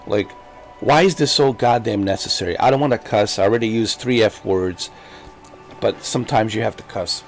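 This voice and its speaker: A man's voice: on the low side, moderate pace, faint music behind. A man streaming a video game, ranting in frustration, repeating himself, swearing and then apologizing to his viewers. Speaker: gaming streamer. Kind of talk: frustrated live gameplay commentary.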